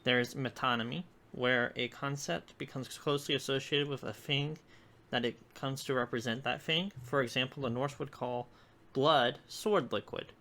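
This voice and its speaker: A video lecturer giving scripted educational narration, measured and explanatory, spelling out examples one by one. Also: medium pitch, steady tone, pushed and bright.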